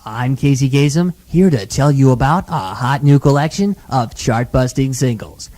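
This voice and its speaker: A man doing an impression of a smooth countdown-show radio host, selling a record collection in a promotional style. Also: mid-range voice, moderate pace, warm tone, no echo, close to an everyday voice.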